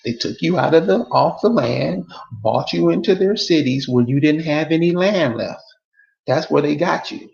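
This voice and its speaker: A man's voice: on the high side, normal speed, vocal fry, darkish tone, echoey room, muffled recording. A man delivering a casual, emphatic monologue to his viewers, repeating rhetorical questions over and over. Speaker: online commentator.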